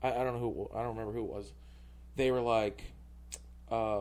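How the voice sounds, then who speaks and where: A man's voice: fairly low pitch, fairly even intonation, fast, pauses often, a little mellow. A male comedian telling a story on a podcast, rambling and full of filler words. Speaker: comedian guest.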